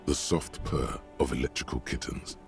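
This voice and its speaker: An actor narrating a detective game as its inner voice, in measured, descriptive lines. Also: male voice, extremely low pitch, steady tone, faint music behind. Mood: grave.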